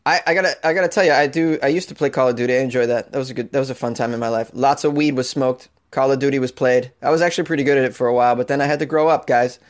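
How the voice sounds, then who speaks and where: A man's voice: mid-range voice, rapid-fire, few pauses. A man hosting a comedy news podcast, talking casually with crude, rambling jokes. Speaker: podcast host.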